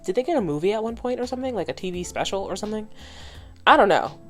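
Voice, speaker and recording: A woman in her twenties, a vlogger casually recapping and reacting to a cartoon episode, animated and blunt, swearing freely and thinking out loud. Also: medium pitch, fast talker, faint music behind.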